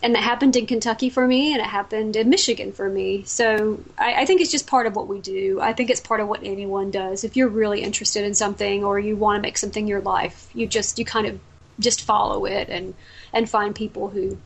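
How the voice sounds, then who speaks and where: A woman's voice: medium pitch, fairly even intonation, a little fast, vocal fry. A woman from the American South with a Southern American accent, a guest in a casual interview. She talks chattily and tells stories, restarting her sentences often. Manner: chatty, warm storytelling with frequent restarts.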